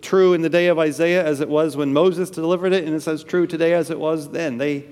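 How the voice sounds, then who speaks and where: A man's voice: on the high side, steady tone, brisk, a little mellow, clear, resonant tone, in a large hall. A man preaching a sermon in a church, earnest and emphatic, repeating phrases for stress. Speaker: pastor.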